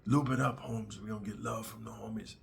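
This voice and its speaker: A man putting on a hushed, coaxing prison gang member. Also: steady tone, brisk, vocal fry, slight background noise. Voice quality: low murmured half-whisper.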